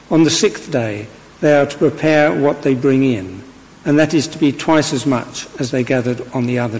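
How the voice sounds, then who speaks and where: A man of middle pitch reads scripture at a church service, setting out each verse in a measured, deliberate way. His voice rises for the quoted speech. A long church reverb trails every phrase. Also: darkish tone. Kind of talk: formal Bible reading.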